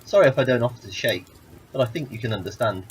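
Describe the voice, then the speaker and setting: A man's voice: medium pitch, lively intonation, fast talker, slight background noise, lightly acted. A talking rattlesnake lays out the rules patiently, with a dry joke never far away, voiced by a man. The delivery rises and falls freely, like a storybook reading. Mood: wry. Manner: patient, explaining and dryly joking. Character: calm, wry talking rattlesnake who grants wishes.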